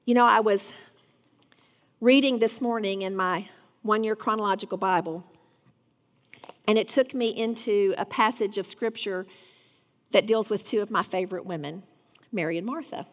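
A woman's voice: mid-range voice, moderate pace, long pauses, long reverb tail. A woman giving an earnest devotional Bible teaching, rising to fervent emphasis.

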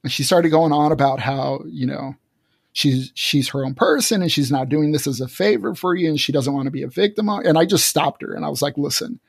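A man's voice: fairly high pitch, brisk, gravelly, slightly rough, no echo, studio quality. A man earnestly telling a personal story as a guest, with frequent restarts. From Texas.

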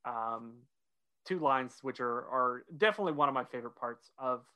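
A man's voice: mid-range voice, expressive, normal speed, pushed and bright. A man co-hosting a casual podcast, walking through an episode step by step and leading the segments. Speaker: podcast co-host.

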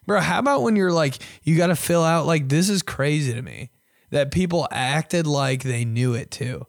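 A man's voice: fairly high pitch, normal speed, creaky, no echo, clean studio sound. A young man hosting a podcast, ranting casually with lots of swearing and mock voices. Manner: profane, animated, mock voices. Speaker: podcast host. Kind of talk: casual rant.

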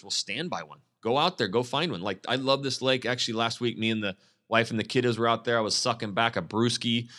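A man's voice: medium pitch, fairly bright tone. A man, a real estate agent, coaching others in a casual live Q&A, blunt and enthusiastic with plenty of slang.

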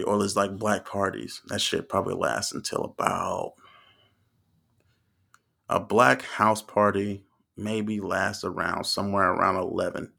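A man's voice: fairly low pitch, creaky, fairly bright tone. A man around thirty from the American South, telling funny stories in a rambling, profane, casual way. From Southern United States. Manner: rambling and profane, laughs often. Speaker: storyteller. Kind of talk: casual comedic storytelling.

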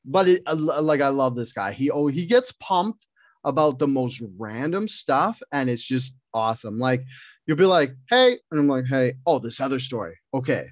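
Animated, laughing male podcast co-host. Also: medium pitch, normal speed, no room sound. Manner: animated storytelling, laughs a lot, swears. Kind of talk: casual podcast chat.

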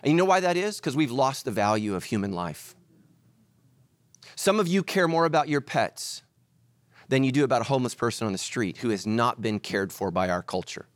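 Animated preaching man, dry sound. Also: medium pitch, moderate pace, no room sound. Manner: animated preaching, swings between loud and hushed. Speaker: pastor. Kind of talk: sermon.

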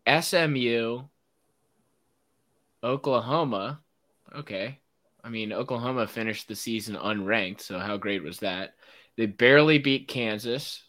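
A man's voice: medium pitch, unhurried, long pauses, fairly bright tone. A man hosting a casual sports podcast, ranting with strong opinions and frequent laughs. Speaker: podcast host.

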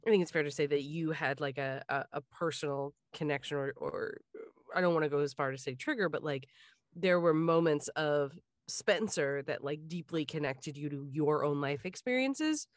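A woman's voice: low voice, moderate pace, dry recording. Chatty woman co-host, dry close sound. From Richmond area, Virginia. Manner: rambling, many fillers and restarts. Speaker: podcast co-host. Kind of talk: casual chat.

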